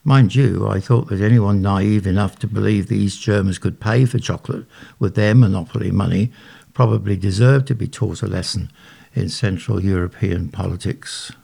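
Older male author reading his own tale; deep, very gravelly, husky, dry wit. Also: moderate pace, warm tone. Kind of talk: first-person story reading.

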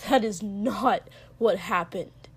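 A woman voicing a surly young man with a low, hoarse, gravelly voice who mutters and swears in a storybook reading. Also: slow, heavily acted. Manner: muttering, sulky and sharp, swearing. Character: gruff young male warrior, hoarse, surly and crude.

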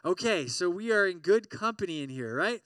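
A man preaching to college students, animated, asking the crowd questions and acting out worried inner voices. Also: high voice, moderate pace, no room sound, recorded from a distance. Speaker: pastor.

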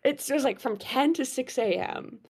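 A young woman telling a story in casual chat, animated and laughing, with plenty of fillers. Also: high-pitched, normal speed, husky. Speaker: guest storyteller.

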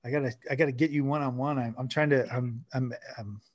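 A man's voice: medium pitch, steady tone, quick pace. A male podcast host from Canada chats casually with his guest. He rambles and restarts his sentences, and he sounds friendly and enthusiastic.

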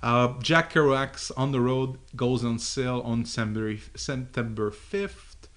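A man co-hosting a podcast in casual chat, halting, with many fillers and restarts. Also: mid-range voice, fairly bright tone. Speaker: podcast co-host.

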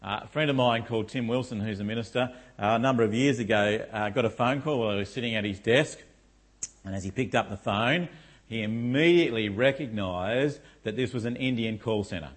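A man's voice: medium pitch, a little fast. A middle-aged man preaching a sermon in a church, often asking the congregation rhetorical questions like "isn't it?". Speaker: pastor.

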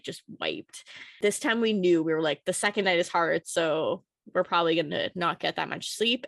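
A woman's voice: fairly low pitch, no room sound. Chatty young woman, dry close sound. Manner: chatty, laughs often, many "like" fillers. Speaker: guest, new mother. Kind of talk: casual chat.

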